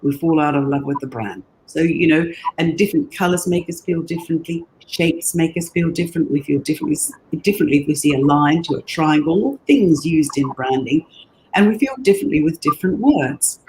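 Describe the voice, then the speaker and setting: Earnest, halting woman interview guest. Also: low-pitched, a little mellow, a little hiss or hum. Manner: earnest, halting, often repeats words while thinking. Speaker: guest, brand designer. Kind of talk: conversational interview storytelling.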